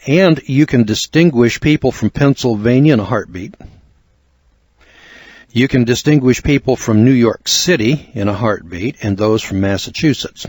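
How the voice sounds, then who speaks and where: An older American man narrating a spoken book review in a measured, earnest lecturing way with asides. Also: mid-range voice, a little mellow, no echo. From United States.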